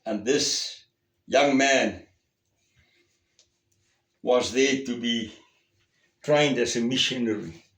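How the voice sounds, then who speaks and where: A man preaching a sermon, earnest and emphatic, at times raising his voice and at times dropping to a hushed tone. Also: medium pitch, takes it slowly, long pauses, echoey room. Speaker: pastor.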